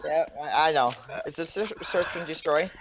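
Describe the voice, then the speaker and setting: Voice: medium pitch, normal speed, noisy background. Guest player, casual game chat; jokey, sarcastic, loose and rambling.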